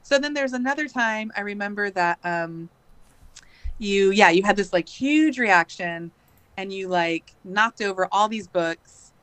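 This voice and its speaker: Speaking at medium pitch with lively intonation, this thirtysomething woman takes her time on a podcast, her tone clean and a bit bright, with no echo. She rambles through a long casual story, full of fillers and "likes."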